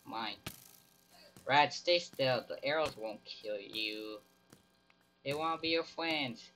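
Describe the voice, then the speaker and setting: A man's voice: mid-range voice, slow, sharp tone. A young man giving goofy, melodramatic commentary while playing a game, on a slightly dull lo-fi mic. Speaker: gaming YouTuber. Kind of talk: playful gameplay commentary.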